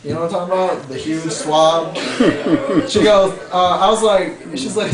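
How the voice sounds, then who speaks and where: A man's voice: high voice, measured pace. A man casually telling a funny personal story, hesitant and chuckling, with many fillers. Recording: roomy sound from a distance with crowd noise.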